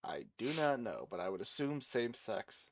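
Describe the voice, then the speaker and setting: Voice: mid-range voice, sing-song, moderate pace. A player in a tabletop game, easygoing and hesitant, describing a character. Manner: easygoing, hesitant with 'uh, let's see'. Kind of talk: casual tabletop play.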